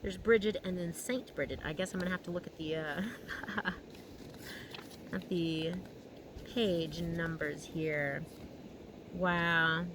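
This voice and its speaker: A woman giving an intuitive tarot reading outdoors, talking slowly and dreamily and humming between thoughts. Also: on the low side, noisy background. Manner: slow, dreamy and emotional, humming often. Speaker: tarot reader. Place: field outdoors in the mountains.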